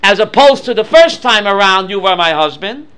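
A man teaching a Bible class, quizzing his students with questions in an animated way. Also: sits high, normal speed, clear, resonant tone. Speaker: Torah teacher.

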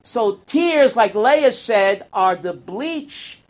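A man's voice: sits high, expressive, extremely slow. A man giving a Torah class as a rabbi, quizzing his students and acting out parables.

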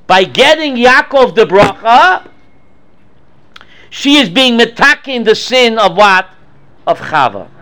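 A man teaching a Bible class, quizzing his students with questions in an animated way. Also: extremely high pitch, slow, pauses often. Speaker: Torah teacher.

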